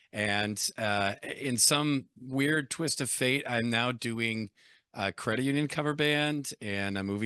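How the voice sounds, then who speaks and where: A man's voice: lowish voice, no echo, studio quality. A man in his forties telling stories in a casual interview as the guest, acting out both sides of conversations. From United States. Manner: animated storyteller, acts out both sides of phone calls. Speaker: guest, credit union CEO and former rock singer.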